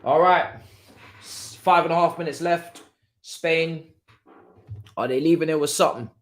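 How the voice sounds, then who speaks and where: A young man doing live football watchalong commentary, chatty and slangy, shouting at the players. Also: a little high, a little slow. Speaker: watchalong streamer.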